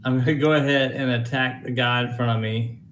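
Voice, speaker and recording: A man's voice: medium pitch, fairly even intonation, a little fast, fairly bright tone, a little hiss or hum, rough recording. A man playing a tabletop game, asking about jumps and bonus actions while planning his move. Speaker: player.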